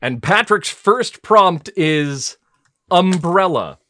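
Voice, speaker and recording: A man hosting a comedy podcast, running a joke game in a playful, lively way. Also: high voice, slow pace. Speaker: host.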